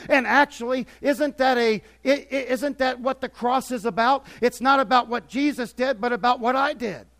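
An older man preaching a sermon as pastor, swinging between quiet asides and emphatic, repetitive points. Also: very high-pitched.

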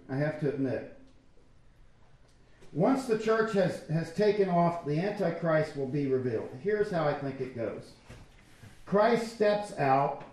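A man's voice: fairly high pitch, darkish tone. A man preaching a sermon as pastor, talking conversationally and acting out quotes from people. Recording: echoey church hall.

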